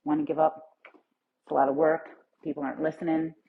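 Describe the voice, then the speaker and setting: A middle-aged woman gives a chatty, motivational pep talk as a plant-based nutrition coach. Her voice is low and very husky. The live-stream audio is dull and lo-fi. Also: little pitch movement, quick pace.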